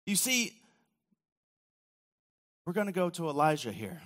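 A man preaching a sermon, telling the story casually with acted quotes, often dropping to a quiet, low voice. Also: very animated, unhurried. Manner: casual storytelling with acted quotes and sudden drops to near-whisper. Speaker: pastor. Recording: long hall reverb.

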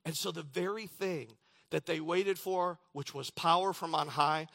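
A man delivers a sermon in a raised, bright voice with a gravelly edge. He reads scripture dramatically, swinging from loud declarations to hushed, quiet lines. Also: on the high side, steady tone, unhurried. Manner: dramatic reading with sudden loud and hushed turns. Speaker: pastor.

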